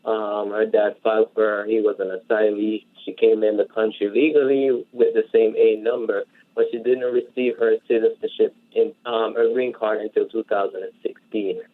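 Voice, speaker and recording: A man calling into a radio show over the phone, explaining his case haltingly with many pauses. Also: fairly low pitch, flat delivery. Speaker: caller. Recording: tinny phone line.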